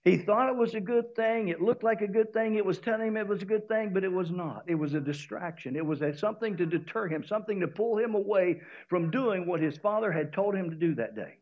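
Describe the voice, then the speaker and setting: A man's voice: high-pitched, brisk, hardly any pauses, dull audio. A male pastor with a Southern US accent, preaching a sermon and acting out the voices in his story.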